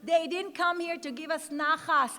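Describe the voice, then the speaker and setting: Woman giving a big inspirational talk, storytelling, bright ringy voice, long hall echo. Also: extremely high pitch, normal speed. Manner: repeats key words for emphasis, storytelling. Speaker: speaker at an education gala. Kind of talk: inspirational speech. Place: large event hall.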